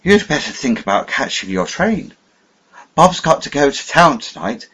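A man reading an older male spy who is cold, calculating and falsely smooth, in an audiobook. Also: mid-range voice, sing-song, normal speed, a bit bright, pitched above the performer's own voice, exaggerated voice. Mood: falsely jovial.

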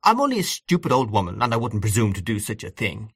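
A man's voice: lowish voice, wildly swooping pitch, quick pace, a bit bright, husky, no room sound, clean studio sound, full character voice. A man voicing a fussy, fretful elderly aunt in a storybook reading. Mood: indignant.

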